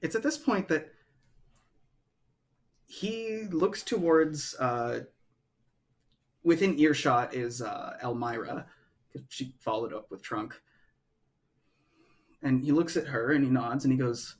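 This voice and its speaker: A man's voice: medium pitch, takes it slowly, long pauses. Man running a tabletop game. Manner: loose, rambling narration with many fillers. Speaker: game master.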